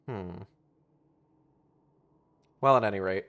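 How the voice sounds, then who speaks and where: A man's voice: fairly low pitch, slow pace, a bit bright. A man giving casual, rambling, profane commentary while playing a video game, talking to himself as he goes. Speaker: gaming streamer. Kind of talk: casual let's-play commentary.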